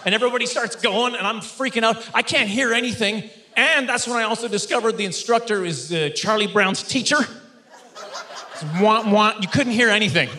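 A man doing stand-up in front of a studio audience, his voice high and bright. He tells the story with animated energy and slips into quick mock voices for others. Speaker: stand-up comedian. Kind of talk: stand-up comedy routine. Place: stage before a live studio audience.

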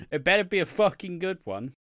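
A man's voice: high-pitched, sing-song, normal speed, a bit bright, dry recording, clean studio sound. A man co-hosting a podcast, talking in a grumpy, blunt and sweary way in casual chat. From Britain. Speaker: podcast co-host.

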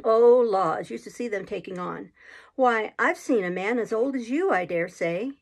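A woman's voice: medium pitch, expressive, moderate pace, gravelly. A woman voicing a boastful, half-witted young male cabin boy with a bragging swagger.

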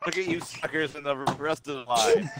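A man's voice: a little high, moderate pace, very noisy. A young man in casual gaming chat with friends, rambling and laughing as he tells a story over headset voice chat. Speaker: gamer.

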